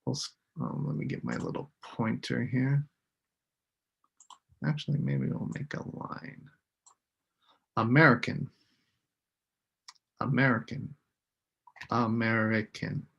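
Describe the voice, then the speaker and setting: A man's voice: mid-range voice, wildly swooping pitch, a little slow, vocal fry, pauses often, darkish tone, husky, muffled recording. A man teaching a live online English lesson, patiently modeling words for students to repeat.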